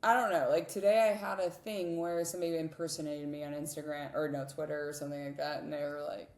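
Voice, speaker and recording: Low-voiced woman telling candid stories, roomy sound. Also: fast talker. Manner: animated and candid, many fillers and restarts. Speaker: guest, professional cyclist. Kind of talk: emotional storytelling in a podcast interview.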